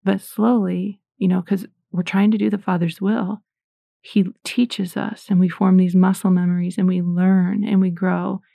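A middle-aged woman talks through her faith in a chatty, animated way, often poking fun at herself. Her voice is mellow and a little gravelly. The sound is dry and close, with no room echo. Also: medium pitch, measured pace. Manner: chatty, animated, self-deprecating. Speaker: Christian podcaster. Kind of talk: casual faith talk.

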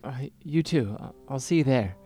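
A man's voice: medium pitch, lively intonation, normal speed, mellow, slightly rough. Man doing a shaken, mumbling young man. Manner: hesitant, mumbling.

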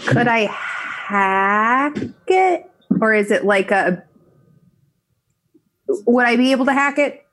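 A woman's voice: on the high side, expressive, slow pace, pauses often, a bit bright, poor audio. A woman playing a tabletop game, making wry, gloomy jokes. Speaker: player. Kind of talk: casual tabletop game play.

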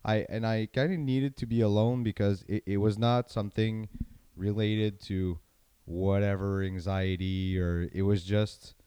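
Man, French Canadian accent, young adult, low pitch, dry close sound, rambling casual chat. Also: a little slow, clear, resonant tone, no room sound. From French-speaking Canada. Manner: rambling, restarts often, animated storytelling. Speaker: event announcer.

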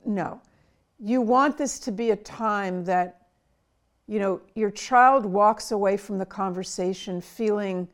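A woman's voice: mid-range voice, slow pace. A woman psychiatrist in an interview, earnestly coaching parents step by step on how to talk with their child. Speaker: child and adolescent psychiatrist, guest. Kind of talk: advice in an interview.

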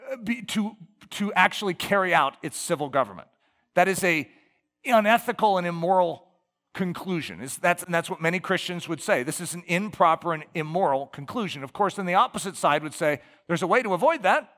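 A man's voice: sits high, a bit bright, long reverb tail. An American man preaching a sermon as pastor, building emphatic lists and rhetorical questions.

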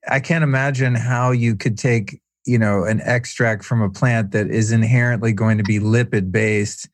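A man's voice: on the low side, steady tone, normal speed, no room sound. A man hosting a podcast interview, curious and upbeat, asking long, rambling questions. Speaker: podcast host. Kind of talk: casual interview talk.

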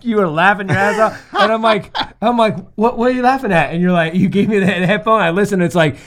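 A man in a casual podcast chat, telling excitable stories and acting out what people said. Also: sits high, brisk. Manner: excitable storyteller who acts out quotes.

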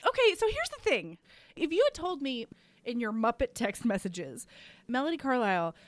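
A woman co-hosts a chatty book podcast, bouncing between high and low as she retells scenes and plays out the lines. Her voice sits a little high and sounds close and dry. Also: normal speed, dry recording. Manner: animated, acts out characters' lines while retelling. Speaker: podcast co-host. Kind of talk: casual book-discussion chat.

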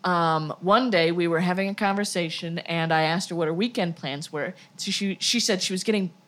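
A woman's voice: on the low side, a little fast, a bit bright. A woman co-hosting a comedy podcast, bantering playfully, laughing often and slipping into joke accents. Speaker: podcast co-host. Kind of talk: comedic banter with put-on voices.

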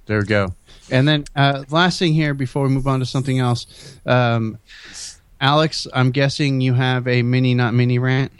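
A man's voice: mid-range voice, steady tone, moderate pace, clean tone, no room sound. A man co-hosting a casual podcast, teasing the others and steering the conversation. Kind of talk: casual chat.

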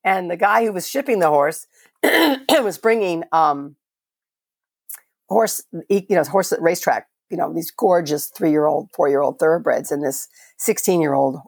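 Low, gravelly older woman. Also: measured pace, dry recording, studio quality. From Florida, USA. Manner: passionate, conversational, with frequent restarts. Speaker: veterinarian guest. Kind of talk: podcast interview storytelling.

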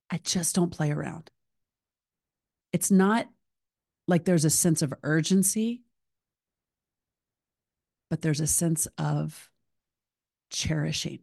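Animated woman host, dry close mic. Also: fairly low pitch, dry recording. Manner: animated, emotional, chatty with frequent "like". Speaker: podcast host. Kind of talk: solo podcast monologue.

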